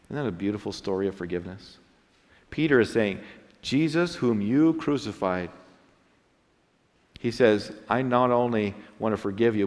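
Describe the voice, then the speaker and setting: A male pastor preaching in a church sanctuary, his voice carrying a long hall reverb. He is earnest and dramatic, rising loud and dropping soft as he preaches. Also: on the low side, lively intonation, moderate pace, long pauses. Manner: earnest preaching with dramatic swings in loudness and pace. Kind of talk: sermon.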